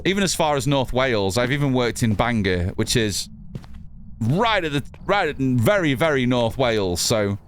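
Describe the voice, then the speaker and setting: A man's voice: medium pitch, animated, normal speed, slight background noise. A man from the north of England with a mixed northern English accent, chatting casually with viewers while narrating his gameplay. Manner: chatty, reads chat aloud, swears casually. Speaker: streamer.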